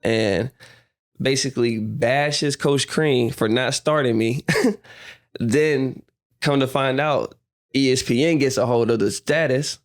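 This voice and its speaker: Young man, podcast guest, casual storyteller who acts out voices, mid-pitched. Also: slow pace. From United States. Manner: animated storyteller, acts out quotes, laughs often. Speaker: guest, professional basketball player.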